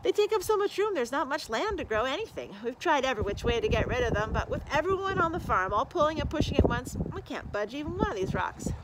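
A woman voicing an eager, kind-hearted young farm boy in a read-aloud storybook, talking high and excited. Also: fast talker, few pauses. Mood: earnest. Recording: loud background noise.

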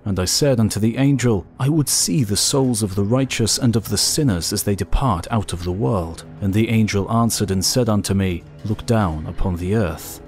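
A man reading an old scripture text aloud as scripted narration, in a solemn, measured way. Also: lowish voice, darkish tone. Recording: faint music behind.

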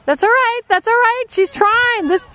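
A high-pitched woman coaches a rider in an outdoor arena, calling out short, encouraging commands over and over. There is faint background noise behind her. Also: normal speed, bright, forceful tone. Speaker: riding instructor. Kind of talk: live coaching during a riding lesson.

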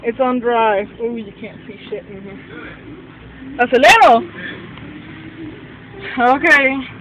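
A man's voice: very high-pitched, takes it slowly, bright, forceful tone, slight background noise, poor audio. A nervous man vlogging from inside a car lift, swearing and switching between English and Spanish. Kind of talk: casual vlog narration.

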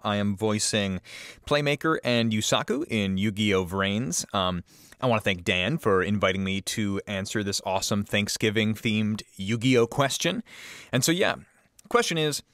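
A voice actor in a casual video message, relaxed and friendly, with frequent ums. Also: male voice, on the low side, no room sound, studio quality.

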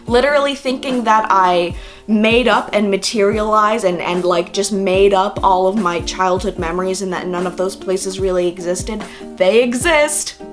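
A young woman from Canada narrating her fashion vlog in a bubbly, gushing, giggly way. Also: mid-range voice. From Prince Edward Island, Canada. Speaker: fashion vlogger. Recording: music playing underneath.

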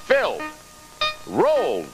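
A man's voice: medium pitch, wildly swooping pitch, slow pace, poor audio. A man hosting a TV game show with upbeat quizmaster patter, recorded in a studio with an audience. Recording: loud TV studio broadcast with music and crowd. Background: music and studio crowd.

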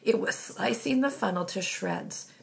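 A woman's voice: medium pitch, a little slow, vocal fry. A woman narrating a children's novel aloud in a plain reading voice. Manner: plain reading with occasional slips and restarts. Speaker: audiobook reader. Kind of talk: storybook narration.

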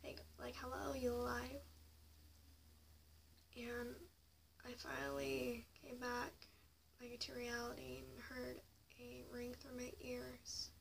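Speaking slowly with vocal fry and a fairly high pitch, a young vlogger confides a personal story to the camera. She keeps dropping into hushed whispers, then flares up into sharp anger. Faint noise comes through a mic placed a little far away.

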